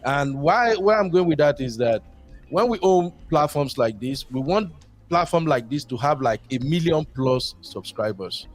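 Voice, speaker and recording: A man's voice: on the high side, expressive, moderate pace, faint music behind. A Nigerian man calling in to a talk show, chatting casually and rambling, slipping into Pidgin. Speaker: caller. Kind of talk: casual call-in chat.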